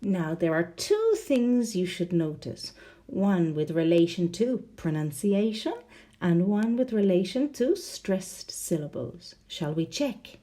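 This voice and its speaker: A woman's voice: on the low side, expressive, takes it slowly, warm tone. A woman teaching English in a recorded video lesson, explaining step by step, spelling out word endings letter by letter and checking in with questions.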